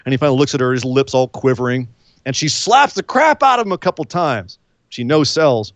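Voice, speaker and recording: A man co-hosting a casual wrestling recap chat, telling the story with lively quoted voices. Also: mid-range voice, normal speed, no room sound, lo-fi sound. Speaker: podcast co-host.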